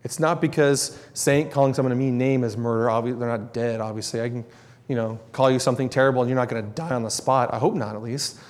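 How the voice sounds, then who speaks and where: A man's voice: mid-range voice, a little mellow. A man preaching a sermon, earnest and emphatic, repeating words to drive his points home. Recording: long reverb in a large hall.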